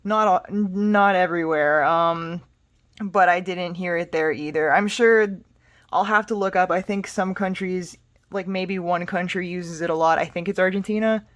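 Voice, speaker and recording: A woman from the United States teaching a casual spoken language lesson, explaining step by step in a patient, relaxed way with frequent fillers. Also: on the low side, normal speed. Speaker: Spanish tutor.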